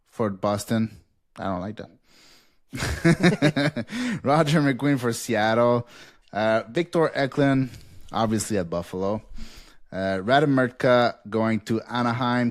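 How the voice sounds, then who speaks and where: A man's voice: fairly low pitch, no echo, clean studio sound. A male podcast host in a casual chat, reading out a long list with frequent laughs and fillers. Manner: rattles off picks quickly with frequent laughs and fillers.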